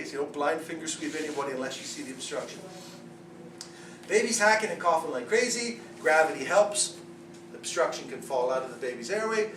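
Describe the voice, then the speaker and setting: Joking first aid instructor, echoey room. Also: male voice, a little high, far from the mic, noisy background. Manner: joking, blunt, acts out babies in silly voices. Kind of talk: live classroom instruction. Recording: echoey room recorded from afar.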